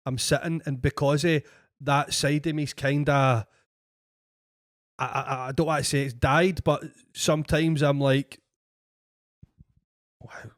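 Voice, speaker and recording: A Scottish man hosting a podcast, chatting casually with quick affirmations. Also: a little high, no room sound, studio quality. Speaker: podcast host. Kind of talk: casual chat.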